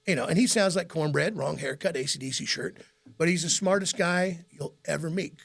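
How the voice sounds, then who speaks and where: A middle-aged man whose voice is deeply gravelly and rough. He tells long, rambling stories in a relaxed interview and often breaks into laughter. His pitch sits a little higher than most men's. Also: a little fast. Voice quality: gravelly, raspy. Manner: rambling, animated anecdotes with frequent laughs. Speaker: radio host as guest. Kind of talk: casual interview storytelling.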